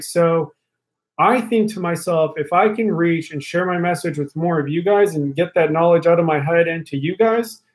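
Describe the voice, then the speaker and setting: A man's voice: high-pitched, rough recording. A young man hosting a casual live stream, rambling to his viewers with lots of fillers and restarts, speaking into a studio mic held a bit away from his face. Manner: talkative, addresses viewers directly. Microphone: studio mic held a little away from face.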